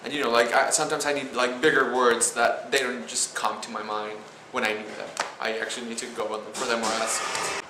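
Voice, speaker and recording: Halting young man with a Spanish accent. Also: medium pitch, flat delivery. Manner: halting, many restarts and "like" fillers. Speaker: student vlogger. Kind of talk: casual vlog chat. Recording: roomy echo with faint noise.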